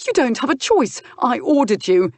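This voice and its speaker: A jealous young nobleman bursts out in raised, shouting lines, his voice pitched well above the reader's own and pressed hard. A woman reads him in an audiobook. The sound is close and dry. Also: big pitch swings, normal speed, dry recording. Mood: angry. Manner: shouting, sneering outbursts. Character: young hot-headed duke, jealous and furious. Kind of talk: audiobook character voice.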